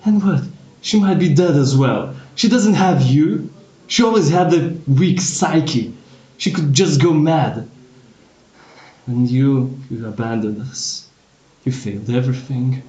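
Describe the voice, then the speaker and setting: A man's voice: mid-range voice, steady tone, a little slow, dark tone, reverberant, muffled recording, natural voice. A man voicing a burnt, bleeding dead father who bitterly accuses his child and raises his voice in anguish.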